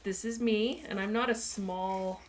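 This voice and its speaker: A woman's voice: mid-range voice, steady tone, measured pace, slight background noise. Chatty Canadian woman hosting a livestream. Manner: chatty, reads chat aloud, voices her lizard's thoughts. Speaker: sculpting livestream host. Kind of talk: casual chat while working.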